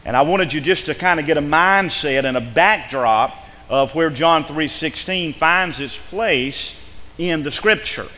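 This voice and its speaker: A man preaching in a church sanctuary, his voice slightly high and sharply bright. He swells into an emphatic, chanting repetition. The sound hangs in a long church reverb. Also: measured pace. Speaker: pastor. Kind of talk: sermon.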